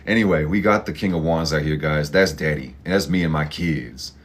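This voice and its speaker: Very deep-voiced blunt tarot host. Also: male voice, a little fast. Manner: blunt, profane, pep-talk style with slang asides. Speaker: astrology and tarot channel host. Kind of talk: casual motivational tarot reading.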